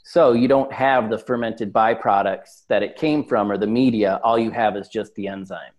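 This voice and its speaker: A man's voice: on the low side, moderate pace, darkish tone. A man speaking as an interview guest in casual chat, talkative and full of fillers. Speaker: supplement company guest.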